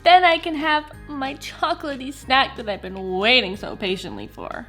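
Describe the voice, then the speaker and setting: A woman's voice: sits high, lively intonation, moderate pace, bright, forceful tone, soft background music. A woman chatting casually in a home cooking vlog, bubbly and gushing over her meals. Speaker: food vlogger.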